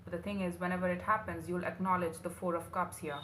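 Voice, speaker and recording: A woman's voice: lowish voice, flat delivery, quick pace, a bit bright. A woman doing a tarot reading for her viewers, earnest and emotional, calling the listener honey. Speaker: tarot reader. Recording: roomy echo, faint room noise.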